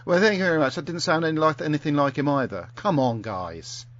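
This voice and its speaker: A man's voice: fairly high pitch, fast talker. A man hosting a podcast, jokey in casual chat and reading news items. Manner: jokey, lively. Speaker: podcast host. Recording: slightly dull audio, faint hum.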